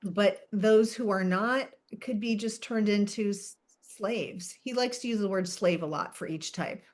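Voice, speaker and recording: A woman's voice: mid-range voice, a little slow, darkish tone. A woman co-hosting a podcast in casual chat, talkative and often laughing as she wanders off track. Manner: chatty, laughs often, self-interrupting. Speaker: podcast co-host.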